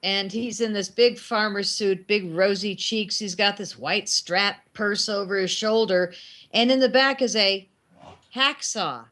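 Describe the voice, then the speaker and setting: A middle-aged woman, a guest filmmaker, telling animated anecdotes in casual talk and acting out the lines of the people in them. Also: medium pitch. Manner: animated anecdotes with acted quotes. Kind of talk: casual storytelling.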